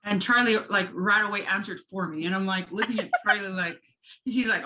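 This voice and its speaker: A woman's voice: a little fast, rough recording. A woman hosting a casual chat, telling stories and acting out quoted lines with big jumps in her voice. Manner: animated storyteller, acts out quotes with big pitch jumps. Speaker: host.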